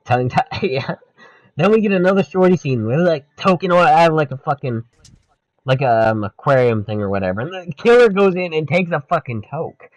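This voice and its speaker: A man co-hosting a podcast in a loose, profane chat about a movie. His voice sits a little high and swings widely in pitch. The sound is dry and close, with no room around it. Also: lively intonation, fairly quick, no room sound, rough recording. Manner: loose and profane, quoting lines in mock voices. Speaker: podcast co-host. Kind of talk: casual movie review chat.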